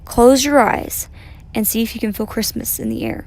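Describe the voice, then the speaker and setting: Woman reader doing a kind old grandpa bear, slow and gentle. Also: fairly high pitch, very animated.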